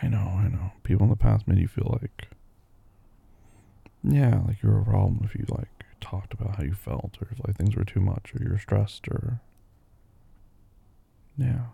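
A young man playing a caring boyfriend who puts his sleepy partner to bed, gentle and reassuring with soft teasing, in a boyfriend role-play audio. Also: fairly low pitch, moderate pace, creaky, pauses often, breathy edge, no room sound, muffled recording, heavily acted. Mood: tender.

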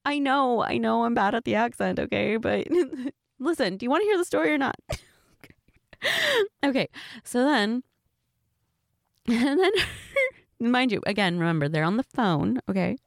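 A woman's voice: on the high side, lively intonation, unhurried, vocal fry, pauses often, dry recording, clean studio sound. A woman in a one-sided role-play chat, telling a friend a story, giggly and laughing as she talks. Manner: giggly, keeps laughing and restarting.

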